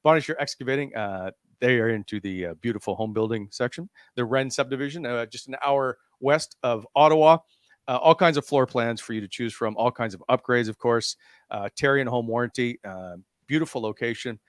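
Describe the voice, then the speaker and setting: A man's voice: medium pitch, clean tone, no echo, studio quality. A man hosting a sports talk show, chatting loosely and reading sponsor ads with many fillers. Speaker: podcast host. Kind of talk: casual chat and live sponsor reads.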